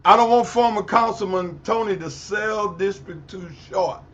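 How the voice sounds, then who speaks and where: A man, a pastor, speaking on a community panel in a deliberate way, searching for his words as he goes. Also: high-pitched, crowd noise. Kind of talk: panel discussion. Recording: muffled audio with faint background noise.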